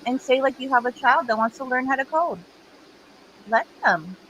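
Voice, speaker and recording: 30-something woman, bright tone, slangy n emphatic, chatting w friends. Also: high voice, animated, moderate pace, lo-fi sound, a little hiss or hum. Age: 30s. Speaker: panelist. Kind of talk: casual group chat.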